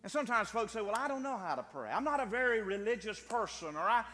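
A man preaching a sermon with fervor, often repeating words and restarting phrases, and building to shouted cries. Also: high voice, sing-song, fast. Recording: long hall reverb.

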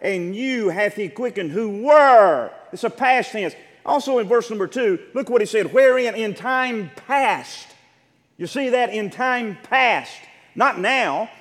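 A man's voice: high voice, animated, big-room sound. A male pastor preaching a sermon, emphatic, drawing out words and calling questions to the congregation. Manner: emphatic preaching with rising shouts and drawn-out words.

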